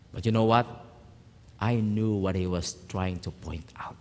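Pastor preaching in a reverberant hall. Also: male voice, lowish voice, unhurried. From Philippines. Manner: storytelling, swings from hushed to loud emphatic. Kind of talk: sermon. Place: church hall.

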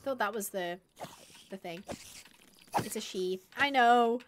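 Excitable high-voiced woman gamer. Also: slow, pauses often, a little hiss or hum. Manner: excitable, squealing bursts, reads chat aloud. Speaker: live-stream gamer. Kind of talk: casual live-stream chatter while playing.

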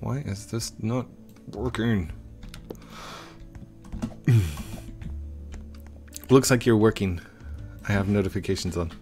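A man's voice: lowish voice, takes it slowly, pauses often, a little mellow, faint music behind. A man hosting a gaming video, rambling and joking with other players in casual commentary.

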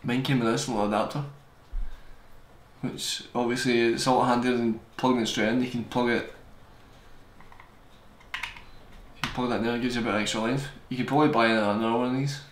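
A young man reviewing a gadget on camera in a fast, joking, rambling way. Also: medium pitch, fairly even intonation. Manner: fast-talking, joking, digressive. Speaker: tech reviewer. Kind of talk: casual rambling product review. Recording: echoey room, faint hiss.

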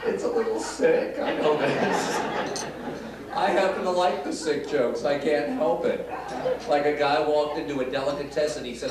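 Wisecracking comic magician on a noisy stage. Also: male voice, a little high, moderate pace. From Detroit, USA. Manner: wisecracking, chatting with the audience. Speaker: magician and comedian. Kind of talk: live stand-up with magic. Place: casino showroom stage. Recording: echoey live room, loud crowd and noise, mic at a distance.

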